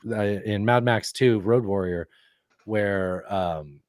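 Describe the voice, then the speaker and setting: A man's voice: on the low side, slow pace, a little mellow, no room sound, clean studio sound. A man co-hosting a podcast in casual chat, rambling and swearing freely, often losing track of names. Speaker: podcast co-host.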